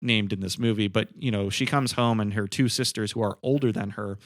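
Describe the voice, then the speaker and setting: A man's voice: on the low side, fairly even intonation, fairly quick, dry recording, clean studio sound. A man co-hosting a film podcast who talks thoughtfully, with lots of fillers and restarts. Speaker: podcast co-host. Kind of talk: casual film discussion.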